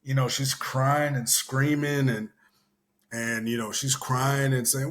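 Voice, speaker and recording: Man, young adult, from Houston, casual commentary chat, rambling, filler-heavy, swears casually, mid-pitched voice. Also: normal speed, fairly bright tone. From Houston area. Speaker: show host.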